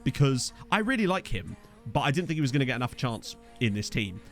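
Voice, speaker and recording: A man's voice: mid-range voice, sing-song, quick pace, faint music behind. Tired rambling male game streamer. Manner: rambling, self-deprecating, chatty with frequent fillers. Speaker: gaming streamer. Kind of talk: casual let's-play chat reading viewer comments.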